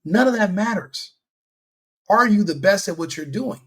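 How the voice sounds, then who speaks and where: A man delivers a heated opinion rant as a commentary host. He talks in a fairly high register and repeats himself for emphasis, with a scornful edge throughout. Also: animated, moderate pace.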